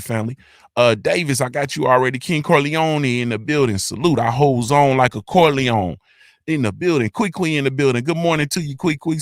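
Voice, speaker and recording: A male host doing casual livestream shout-outs in a loud, hyped, sing-song roll call full of slang. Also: mid-range voice, no room sound, studio quality.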